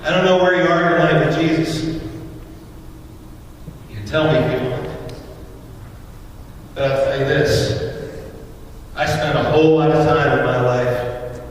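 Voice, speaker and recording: A man's voice: a little high, steady tone, unhurried, long pauses, slight background noise. A man preaching an earnest sermon, speaking directly to his congregation. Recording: echoey hall from far off, faint ambience.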